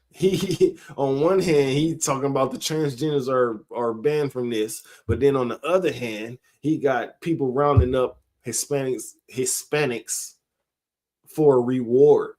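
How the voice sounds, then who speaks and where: A man, giving a casual sermon-style monologue, slow and conversational, laughing between his points. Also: mid-range voice, a little mellow. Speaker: street preacher.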